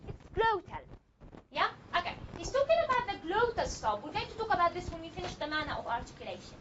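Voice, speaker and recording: A woman lectures a classroom on phonetics, repeating key points and stopping often to ask whether students are following. Her voice sits very high and sounds bright and sharp, moving up and down with energy. The recording is a little dull, with faint noise behind her. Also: big pitch swings, fast talker. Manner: repeats points and checks understanding with questions. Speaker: phonetics teacher.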